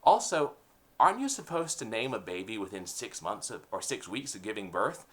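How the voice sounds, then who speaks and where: A man's voice: fairly low pitch, sing-song, moderate pace, a bit bright. A man hosting a comedic rant show, opinionated and full of sarcastic puns. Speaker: host.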